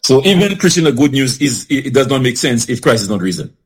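A man with a husky, mid-pitched voice leads a Bible study discussion. He reads scripture at a slow, deliberate pace and puts questions to the other participants. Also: sing-song, poor audio. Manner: reads scripture slowly, asks questions, laughs often. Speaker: discussion moderator.

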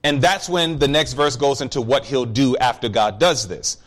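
A man's voice: medium pitch, normal speed. A man preaching a sermon, breaking down a psalm and telling stories, asking the congregation questions. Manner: animated storytelling, addressing the congregation with questions.

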